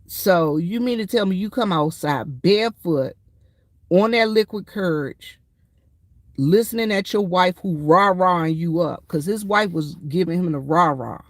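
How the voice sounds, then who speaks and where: A woman's voice: on the low side, a little slow, dry recording, studio quality. A woman veteran speaking to her viewers in a casual, emphatic storytelling monologue, often calling them y'all. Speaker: military veteran vlogger.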